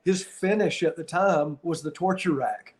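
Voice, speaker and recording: A middle-aged man hosting a podcast. He tells a story in a casual, animated way and acts out the lines of the people in it. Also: on the high side, normal speed. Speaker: podcast host and former wrestler.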